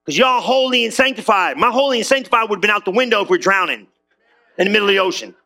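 A man preaching a sermon in a church, animated and conversational, joking with the congregation. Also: sits high, fast. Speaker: pastor.

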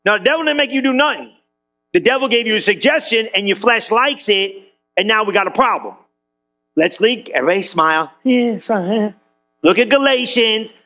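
A man delivers a lively sermon in a church, talking to the congregation like friends. His voice sits high and sounds bright and forceful. He keeps the energy up with quick conversational asides. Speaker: pastor.

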